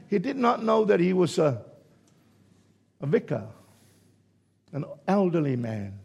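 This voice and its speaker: A man delivers a sermon with a husky, gravelly voice sitting a bit above the usual male range. His delivery swings from hushed, stretched-out lines to sudden loud shouts. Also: a little high, expressive, measured pace, long pauses. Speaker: preacher.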